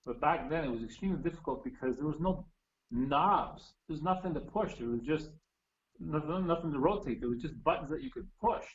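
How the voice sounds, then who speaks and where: A man's voice: on the high side, lively intonation, a little fast. Man chatting about gear over a dull line. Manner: chatty, explaining gear with restarts. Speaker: guest musician. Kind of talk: casual chat. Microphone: phone or video call.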